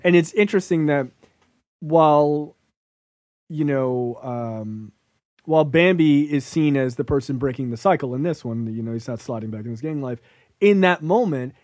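Man, film podcast co-host, slightly high voice, dry close sound, casual and profane. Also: darkish tone, dry recording. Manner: loose and profane, laughs often, quotes characters.

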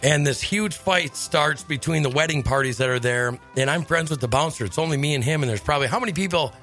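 A man hosting a radio show, telling stories in a lively casual chat and laughing often. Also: fairly high pitch, fast talker, faint music behind. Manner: animated storyteller, laughs often. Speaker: radio host.

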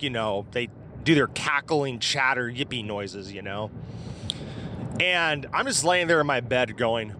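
A man from southeast Iowa tells his strange encounter in an offhand, meandering way, peppered with fillers and the occasional curse. His voice is bright and a little tense, and his pitch sits in an ordinary middle range. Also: a little hiss or hum. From southeast Iowa, USA. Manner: rambling, informal, with mild swearing and fillers. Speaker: guest sharing a personal encounter story. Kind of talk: casual storytelling.

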